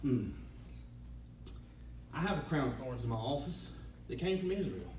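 Pastor preaching in an echoey church. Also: male voice, mid-range voice, very animated, normal speed, far from the mic, slight background noise. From Georgia, US. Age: 40s. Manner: preaching with hums, builds to shouts. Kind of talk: sermon. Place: church sanctuary.

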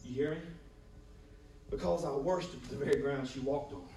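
A man preaching a sermon as pastor, calling "Amen?" to his congregation and swinging between loud bursts and quiet, low passages. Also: normal speed, a little hiss or hum. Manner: preaching with frequent "Amen?" call-outs to the congregation. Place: church sanctuary with congregation. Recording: echoey room, voice from far off.

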